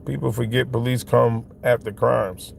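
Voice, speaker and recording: A man's voice: medium pitch, steady tone, moderate pace, vocal fry. A middle-aged man from Philadelphia rambling in a casual livestream monologue while walking home outdoors, talking into a phone and often asking if his listeners follow him. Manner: rambling, emphatic, keeps asking "you know what I'm saying". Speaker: livestream host. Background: faint traffic.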